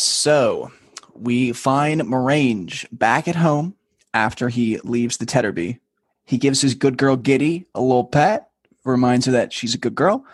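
A man's voice: mid-range voice, husky, no room sound. A man co-hosting a casual podcast chat, laying out the plot of a TV episode in a laid-back way. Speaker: podcast co-host.

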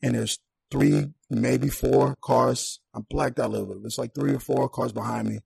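A young man telling a personal story on a podcast in a casual, animated way, acting out the people in it. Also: mid-range voice, normal speed, gravelly, breathy edge, no room sound. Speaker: podcast guest.

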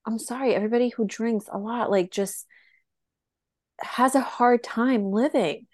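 A woman's voice: on the high side, measured pace, no room sound, clean studio sound. A woman co-hosting a podcast as a health coach, giving earnest advice in casual chat with frequent fillers.

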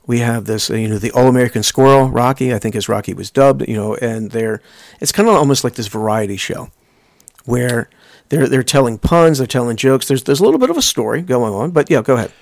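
A man's voice: mid-range voice, animated, fairly quick, gravelly, dry recording, studio quality. A man in his fifties co-hosting a podcast in casual chat, rambling on with many restarts. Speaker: podcast co-host.

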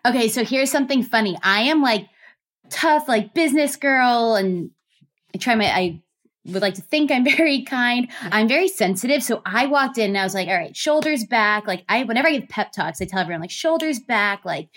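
A woman in her thirties, a guest telling her story in a lively, gushing way with many fillers. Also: fairly high pitch, brisk. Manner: animated, gushing, lots of fillers. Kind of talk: casual storytelling interview.

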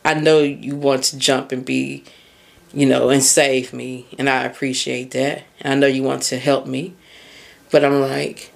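A woman's voice: rumbling low, flat delivery, a little slow, vocal fry. Woman podcast host and mindset coach, candid solo monologue, loose, swears casually, laughs easily.

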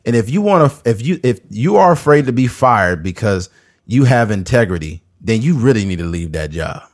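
A man's voice: on the low side, sing-song, normal speed. A man in his thirties hosting a podcast in casual chat, blunt, profane and emphatic. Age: 30s. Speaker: podcast host.

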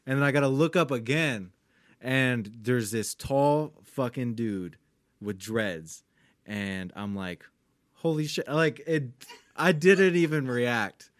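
A man in a relaxed podcast chat, spinning a meandering story with plenty of swearing and easy laughter. His voice sits in a middle register and sounds close and dry, with no room around it. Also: medium pitch, slow, no echo. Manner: laid-back, rambling, swears often, laughs through his stories. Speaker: podcast co-host.

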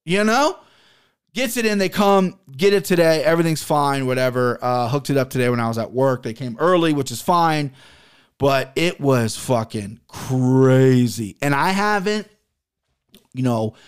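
A man's voice: medium pitch, lively intonation, unhurried, clear, resonant tone. A man hosting a podcast, telling a long exasperated story in a casual, profane way. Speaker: podcast host.

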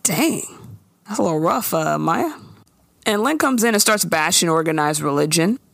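A woman hosting a casual podcast, recapping a TV episode in an animated way, swearing freely and slipping into quoted voices. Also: lowish voice, moderate pace, vocal fry, no echo, studio quality. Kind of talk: casual chat.

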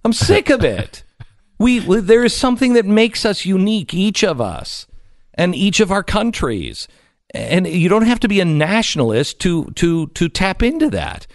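A man hosting talk radio in a lively, sweeping voice that climbs and drops. He talks in an animated, mocking way, swinging from loud to quiet. The sound is dry and close. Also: high-pitched, moderate pace, no echo. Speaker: radio show host. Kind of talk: political talk radio chat.

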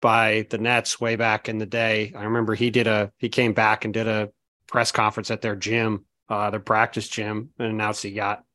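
A man co-hosting a sports podcast, talking through basketball in a measured, analytical way that is full of "I mean" and "look". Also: fairly low pitch, monotone, pushed and bright, no room sound. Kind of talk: casual basketball chat.

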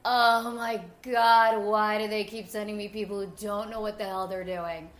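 A man's voice: sits high, level tone, moderate pace, reverberant, very noisy, lightly acted. A woman putting on the voice of a flustered male rehearsal director who is exasperated and theatrical. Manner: exasperated, dramatic sighing delivery.

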